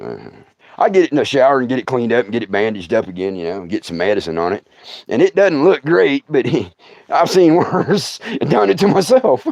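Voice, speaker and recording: A middle-aged man, a comedian and podcast host, telling a funny story to his audience on a livestream. He is animated and laughs through his own story. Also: mid-range voice, no room sound. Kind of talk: comic storytelling.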